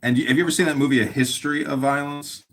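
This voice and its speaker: A man's voice: on the high side, steady tone, racing. A man chatting casually in an online audio room, rambling and provocative, telling anecdotes with a playful edge. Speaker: guest on an audio chat room. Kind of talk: casual chat, storytelling.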